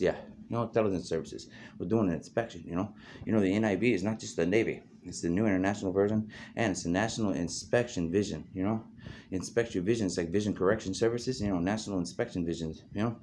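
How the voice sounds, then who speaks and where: Man, lowish voice, rambling casual monologue, loose fillers, noisy recording. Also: quick pace, a little mellow. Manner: loose free-associating talk, constant "you know" and "man" fillers. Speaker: host. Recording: noisy background.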